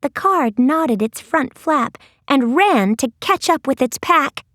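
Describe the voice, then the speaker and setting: A woman narrating an audiobook in a gentle, expressive storytelling voice. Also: sits high, takes it slowly, no echo, clean studio sound. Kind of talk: scripted narration.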